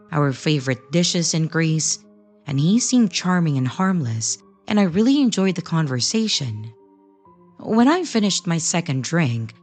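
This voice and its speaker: Female narrator for creepy story readings: deep register, lively intonation, scripted delivery.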